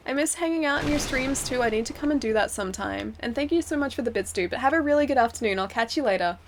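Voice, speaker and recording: A young woman talks her way through a video game live, answering viewers in an easy, chatty flow and laughing often. Her voice sits a touch higher than most. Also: animated, fast talker, a little hiss or hum. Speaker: game streamer. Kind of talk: casual live-stream commentary while playing.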